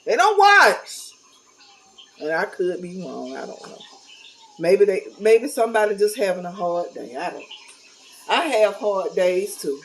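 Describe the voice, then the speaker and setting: A woman's voice: lowish voice, expressive, a little slow, darkish tone, poor audio. A middle-aged woman talking casually to camera, candid and blunt, with a folksy, preachy manner. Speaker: vlogger.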